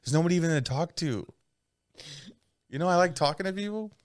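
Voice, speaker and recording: A man's voice: a little high, a little fast, a little hiss or hum. A man in casual chat with friends, telling crude stories with lots of swearing and laughter. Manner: crude, profane, laughing storyteller; lively, animated delivery.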